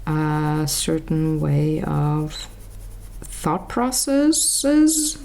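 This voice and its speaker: A woman's voice: lowish voice, slow. A woman chatting casually while she colours, rambling and searching aloud for words, with self-mocking asides. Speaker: colouring vlogger.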